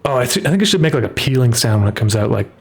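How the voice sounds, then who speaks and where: A man casually talking through his drawing on a livestream, rambling and relaxed, with lots of "like" fillers. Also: medium pitch, racing, gravelly, a little hiss or hum. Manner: rambling, relaxed, heavy use of "like". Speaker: artist streaming his work. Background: faint background music.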